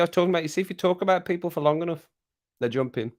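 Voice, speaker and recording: Racing along in a fairly high pitch, this middle-aged man hosts a laid-back live stream. He reads the chat while teasing viewers, laughing frequently, and repeating phrases.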